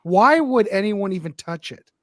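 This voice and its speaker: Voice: mid-range voice, expressive, moderate pace, no echo. A panelist in a casual music chat who reacts with exclamations and laughter. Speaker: panelist on a music talk stream.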